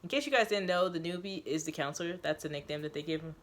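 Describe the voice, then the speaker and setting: A woman's voice: low voice, fast. A woman host reading a story aloud, mixing a dramatic read with casual, filler-heavy recaps.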